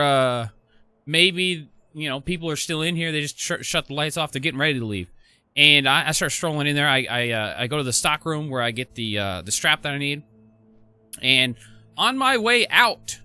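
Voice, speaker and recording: A young man telling a rambling story to his stream, cursing a lot and stumbling over restarts. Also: a little high. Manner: profane, rambling, excitable, many restarts. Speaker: gaming streamer. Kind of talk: casual storytelling.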